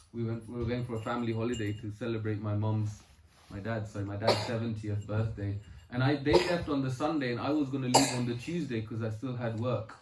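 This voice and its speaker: A man's voice: mid-range voice, darkish tone, slight background noise. Earnest man telling scripture stories, echoey room. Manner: earnest storytelling, quoting verses and explaining them. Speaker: spiritual speaker. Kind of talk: scripture talk with personal stories. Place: home gathering.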